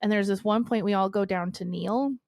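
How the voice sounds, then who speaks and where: A woman's voice: medium pitch, steady tone, brisk, creaky, darkish tone, no room sound, clean studio sound. A woman in her thirties co-hosting a podcast, telling a story in casual chat, swearing freely and laughing often. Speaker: podcast co-host.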